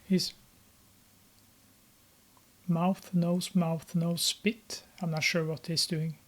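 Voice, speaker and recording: A film commentator talks through a movie as it plays, in an unhurried, casual way. The voice stays flat and even, with little rise or fall. Frequent pauses and fillers break up the thoughts. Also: medium pitch. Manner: hesitant, many filler pauses. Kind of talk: casual running commentary while watching a film.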